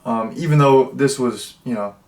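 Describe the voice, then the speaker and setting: A man giving a casual, rambling movie review, full of fillers and jokey deadpan asides. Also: mid-range voice, normal speed, echoey room.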